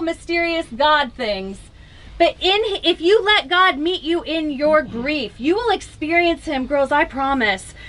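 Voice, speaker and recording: A woman's voice: high voice, fairly bright tone, poor audio. A woman preaching a funeral sermon, telling a story expressively with wry humor and speaking directly to the mourners. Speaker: officiant at a funeral.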